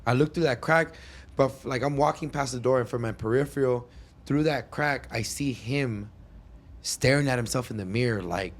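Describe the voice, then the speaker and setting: A man's voice: medium pitch, moderate pace. A man co-hosting a podcast in casual chat, rambling through an anecdote with restarts and asides. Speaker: podcast co-host.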